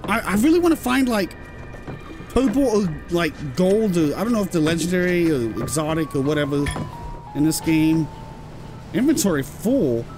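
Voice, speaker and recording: A British man giving excitable let's-play commentary and swearing when surprised. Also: fairly high pitch, moderate pace, over music. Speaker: gameplay commentator.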